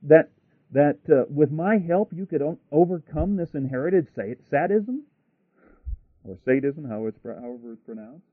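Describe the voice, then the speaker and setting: A man's voice: fairly high pitch, expressive, normal speed, husky, no echo. A man voicing an earnest little farm boy who stumbles over long words, in a sermon story. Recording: dry, tinny radio broadcast.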